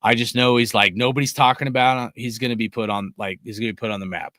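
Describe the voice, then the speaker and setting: A man's voice: medium pitch, fairly even intonation, fast talker, no echo. Heated, profane man ranting, dry close mic. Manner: heated, swears constantly, loud bursts. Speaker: podcast host reading live chat. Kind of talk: profane casual sports rant.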